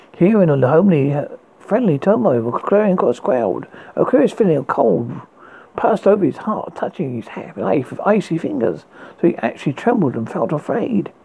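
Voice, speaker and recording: A man reads a ghost story aloud, stumbling and restarting now and then. His voice is gravelly, dark and husky. His pitch rises and falls a lot as he goes. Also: poor audio. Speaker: story reader.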